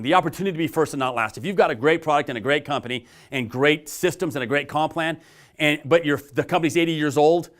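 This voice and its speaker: A middle-aged man giving a persuasive sales pitch to the viewer as a network marketing presenter. He talks emphatically and stacks up rhetorical questions. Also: fairly bright tone.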